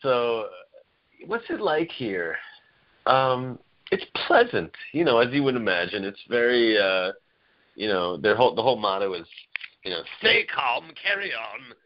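A man's voice: medium pitch, normal speed, long pauses, muffled recording. A man chatting casually as a podcast guest, rambling and laughing as he tells family stories. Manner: rambling, laughing, lively storyteller. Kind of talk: casual chat.

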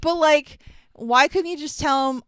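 A woman co-hosting a podcast gives an animated, profane recap of a movie, laughing as she goes in casual chat. Her voice is high-pitched and a little slow, recorded at studio quality with no echo.

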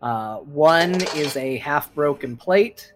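A man's voice: fairly high pitch, expressive, slow, music in the background. A man narrating as game master of a tabletop game, often hesitating with fillers.

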